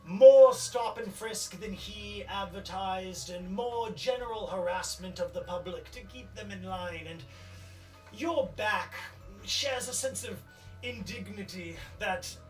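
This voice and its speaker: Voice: mid-range voice, echoey room, lightly acted. A narrator doing a pompous portly mayor. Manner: pompous, condescending. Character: portly pompous male mayor, old-fashioned. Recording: distant mic with faint music.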